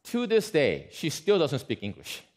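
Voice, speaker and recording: Animated male preacher telling a story. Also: a little high, measured pace. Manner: lively, animated storyteller with asides to the congregation. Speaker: pastor. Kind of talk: sermon storytelling.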